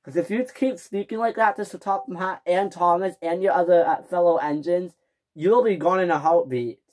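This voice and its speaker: A woman doing a calm, wise old engine. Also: fairly low pitch, natural voice. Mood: advising. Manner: calm, advising, measured. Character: calm older male engine, wise and patient. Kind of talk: toy train fan story.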